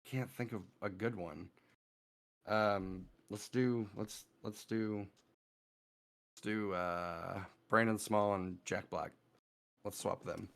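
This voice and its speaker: Low voice guy co-hosting, keeps trailing off and going uh, um. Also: steady tone, slow, vocal fry, pauses often, fairly bright tone. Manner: hesitant, lots of fillers and restarts. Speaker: podcast co-host. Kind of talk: casual podcast chat.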